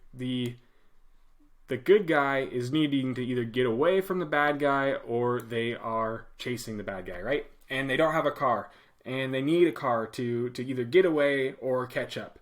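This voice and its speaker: Animated man teaching a coding lesson. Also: medium pitch. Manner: animated, acts out commands in a loud put-on voice. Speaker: web development instructor. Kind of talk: casual screen-share coding lesson.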